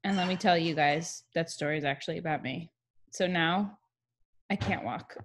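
A woman's voice: on the low side, normal speed, noisy background. A young woman teaching a video class to young children, cheerful and encouraging, singing along and spelling words.

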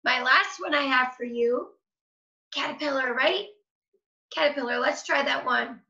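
High-voiced lady teacher doing a kids lesson online, echoey room. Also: dull audio, background noise. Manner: gentle and encouraging, sounding out words slowly. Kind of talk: online phonics lesson for children.

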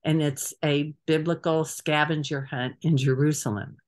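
Chatty, hesitant trip organizer on a video call, mid-pitched, casual briefing. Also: fairly even intonation, moderate pace. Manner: chatty, hesitant with frequent fillers.

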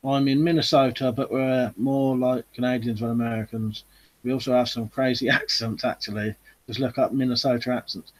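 Male stream host, husky, relaxed chatty delivery, reads and answers comments. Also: medium pitch, moderate pace. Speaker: host of a live chat stream. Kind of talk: casual live-stream chat.

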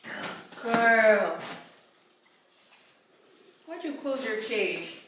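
A woman's voice: a little high, big pitch swings, drawn-out words, a bit bright, echoey room, a little hiss or hum. A woman vlogging at home in a casual chatty way, cooing at her puppy and giving it training commands. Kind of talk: casual vlog chat. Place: home kitchen.

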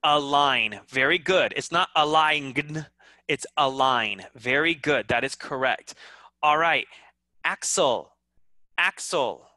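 Slow patient male English teacher. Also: on the high side, lively intonation, bright, forceful tone, no room sound. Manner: slow, patient, repeats words, mixes in Indonesian. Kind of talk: online class teaching.

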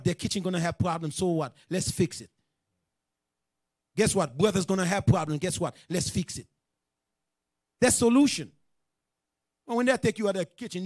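A man with a high-pitched voice preaches to a class with emphatic, direct delivery, again and again checking that his listeners understand. The sound is dry and close, with little room in it. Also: no echo. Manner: emphatic, asks "you understand?" often. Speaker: class teacher. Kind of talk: sermon-style teaching.

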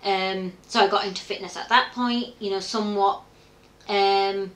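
In an echoey room, a middle-aged woman gives a candid interview, reflecting openly on her life and quoting her own past inner thoughts. Her medium-pitched voice is fairly bright, with fairly even intonation and normal speed.

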